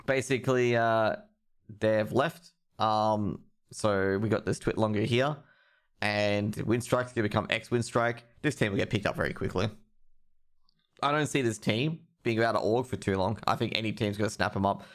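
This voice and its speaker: A man's voice: fairly low pitch, moderate pace. A young man hosting a live stream, ranting with heavy profanity about esports news. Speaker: streamer host.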